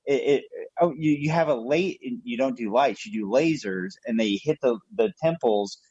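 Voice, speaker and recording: A man co-hosting a podcast in casual chat, speaking haltingly and stumbling through restarts. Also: mid-range voice, a little mellow, husky, no echo. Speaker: podcast co-host. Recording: muffled, lo-fi dry line.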